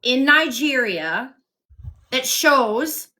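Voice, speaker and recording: A woman's voice: high voice, animated, extremely slow, bright, forceful tone, a little hiss or hum. A woman hosting a phone livestream from home, firm and sarcastic as she talks over her guest in a heated debate. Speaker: livestream host.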